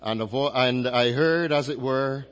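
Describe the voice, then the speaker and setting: A man preaching an expository sermon, measured and emphatic, drawing out key phrases as he reads and explains scripture. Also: mid-range voice, muffled recording. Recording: long reverberant hall.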